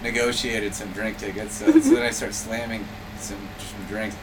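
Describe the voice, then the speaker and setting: A man's voice: fairly low pitch, little pitch movement, moderate pace. A young adult man, a comedian, telling a funny story in casual chat, often breaking into laughter. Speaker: comedian guest. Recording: distant mic with clear noise.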